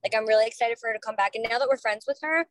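A woman's voice: a little high, very fast, dry recording, poor audio. A woman co-hosting a casual gossip podcast, blunt and opinionated, swearing casually. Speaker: podcast co-host.

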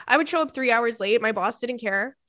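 A woman's voice: on the high side, a little fast, bright, forceful tone, no echo, studio quality. A woman in her thirties hosting a podcast, reading listener emails in a casual chat full of laughing tangents and swearing.

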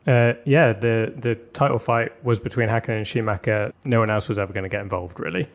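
A man's voice: on the low side, steady tone, fast talker, vocal fry. A man co-hosting a podcast, explaining things at length with lots of filler words. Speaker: podcast co-host. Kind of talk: casual podcast chat.

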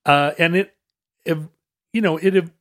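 A man's voice: a little high, fairly even intonation, moderate pace, a bit bright, dry recording, clean studio sound. A man co-hosting a casual chat, musing aloud and often restarting his thoughts.

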